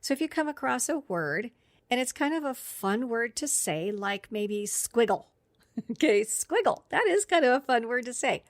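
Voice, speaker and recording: A woman's voice: a little high, animated, moderate pace, dry recording. Woman explaining therapy methods, dry close sound. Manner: friendly, explanatory, with occasional laughs. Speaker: speech therapist presenting professional development. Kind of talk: instructional podcast talk.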